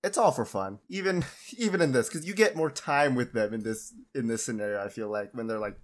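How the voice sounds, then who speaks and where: A man's voice: medium pitch, fairly quick. A young man co-hosting a podcast, laid-back and laughing along in casual chat. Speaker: podcast co-host.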